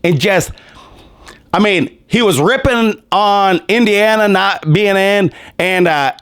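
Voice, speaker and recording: A man's voice: sits high, slow pace, a bit bright, clean tone, no room sound, clean studio sound. A man hosting a sports commentary show, ranting in a heated, mocking, profane way, his voice strained and worn.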